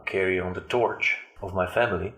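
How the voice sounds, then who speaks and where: Deep, flat-voiced man telling his story. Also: roomy sound. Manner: halting, with frequent fillers and restarts. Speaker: interview guest. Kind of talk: personal storytelling.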